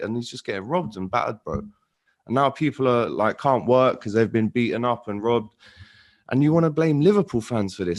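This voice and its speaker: A man talking fast and heated in a casual chat, ranting and swearing. His pitch sits in the ordinary middle range. He speaks with plain force. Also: expressive. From London. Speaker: guest.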